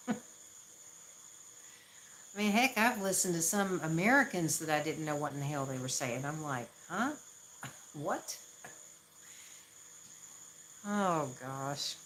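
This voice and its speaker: A woman's voice: deep voice, a little slow, pauses often, a bit bright, slight background noise, poor audio. A woman from the Southern US with a Southern accent, chatting casually on a live stream, laughing often and poking fun at herself. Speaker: livestream host.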